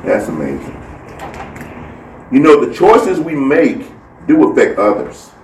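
At a measured pace and fairly high pitch, this man shares a devotional story in a relaxed faith talk, animatedly voicing each character he quotes. The mic is distant, so the room sounds large and a little background noise comes through.

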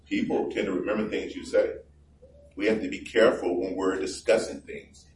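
A man's voice: sits low, little pitch movement, normal speed, darkish tone. A man preaching from the pulpit, loose and conversational, slipping into small acted voices to make his points. His voice reaches the mic from some way off, bouncing around a roomy church with a faint hum underneath. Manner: conversational and joking, acts out little voices. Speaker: pastor. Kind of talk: sermon. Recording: roomy, distant mic with faint background noise.

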